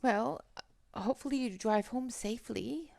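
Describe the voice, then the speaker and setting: Woman, livestream host, unhurried and chatty, slight fry, headset mic, dry sound. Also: on the high side, a little mellow, no room sound. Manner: chatty, greets viewers by name between colouring steps. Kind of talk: casual livestream chat while colouring.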